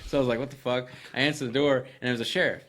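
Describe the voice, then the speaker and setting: A man from the United States on a podcast, telling stories in an animated, profane way and acting out what people said. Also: medium pitch, rapid-fire. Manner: animated, profane, acts out quoted exchanges. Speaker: podcast co-host. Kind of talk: casual podcast storytelling.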